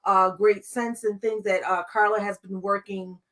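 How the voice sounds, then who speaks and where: A woman co-hosting a podcast, chatting casually in a supportive, halting way with many fillers. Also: mid-range voice, little pitch movement, fairly bright tone. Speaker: podcast co-host and business owner.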